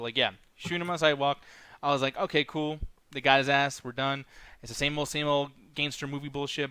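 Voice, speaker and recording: Fast-talking, rambling man, dry sound. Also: medium pitch, pushed and bright, clean tone, no room sound. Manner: fast, rambling, profane, lots of fillers. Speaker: podcast co-host. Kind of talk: casual chat.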